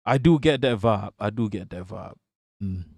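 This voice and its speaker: A man's voice: lowish voice, lively intonation, moderate pace, gravelly, darkish tone, dry recording. A man hosting a livestream, reading viewer comments aloud and answering them in a rambling, profane way. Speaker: livestream host.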